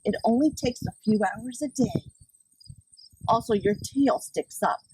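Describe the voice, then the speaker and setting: A big, vain storybook horse, played by a woman reading aloud talks down to others in a haughty, baby-talking manner. The delivery is slow and fairly high, heard from a distance with a faint outdoor hum. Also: darkish tone, close to an everyday voice.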